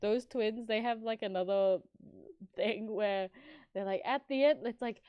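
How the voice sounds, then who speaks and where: A woman's voice: unhurried, clean tone, no echo, dull audio. A young woman telling a travel story in casual stream chat, swearing often and acting out what people said. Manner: animated, swears a lot, acts out quotes in higher voices.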